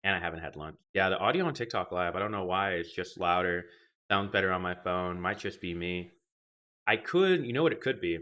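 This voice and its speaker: A young man with a deep voice that has a bright, forceful edge, rambling through a casual live stream from his home gaming setup. He talks into a desk mic and drifts from one viewer comment to the next. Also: expressive, brisk. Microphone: desk microphone.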